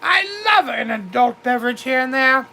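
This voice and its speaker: A woman doing a high, bright, darling-calling duchess. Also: expressive, moderate pace, full character voice. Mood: gushing. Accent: put-on British. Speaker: livestream host in character. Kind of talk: comedic character livestream, reading chat.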